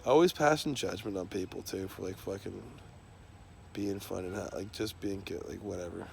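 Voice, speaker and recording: A man's voice: low voice, normal speed, gravelly, a little hiss or hum. A man talking in a loose, rambling monologue, swearing constantly and trailing off into fillers and restarts.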